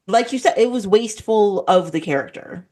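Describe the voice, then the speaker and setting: A woman joins a podcast as a guest for a casual film chat. She talks in a mid-range voice, emphatic and quick to agree. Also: mid-range voice, lively intonation, mellow. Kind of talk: casual movie discussion.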